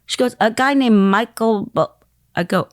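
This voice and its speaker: Animated woman telling a story, dry close sound. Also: a little high, moderate pace, no room sound. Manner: animated, acts out quoted voices. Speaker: guest. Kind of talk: storytelling in a podcast interview.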